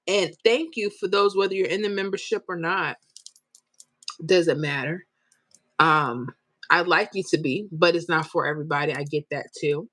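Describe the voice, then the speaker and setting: A lower-pitched woman hosts a live stream and chats straight to her viewers. She is open and emotional as she reads out comments. The sound is dry and close, with no room around it. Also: fairly bright tone, no room sound. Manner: emotional, tearful at times, talks straight to viewers. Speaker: lottery numbers YouTube host.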